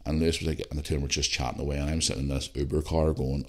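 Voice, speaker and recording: A Northern Irish man with a very low, deep voice tells a rambling story for his podcast at home. He swears freely and pads his talk with fillers and restarts. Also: very fast. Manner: swears freely, animated anecdotes with lots of fillers. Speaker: podcast host. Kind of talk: casual solo podcast storytelling. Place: living room at home.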